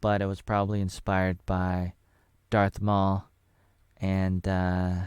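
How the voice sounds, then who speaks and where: A man's voice: low-pitched, monotone, takes it slowly, a little mellow, clear, resonant tone, dry recording, studio quality. A man in his thirties giving a casual, rambling spoken movie review in a loose, offhand way.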